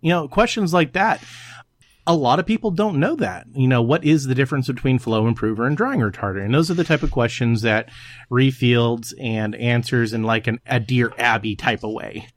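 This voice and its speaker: A man with a mid-range voice hosts a casual hobby podcast at a moderate pace. He jokes around, laughs often, and swears freely between laughs.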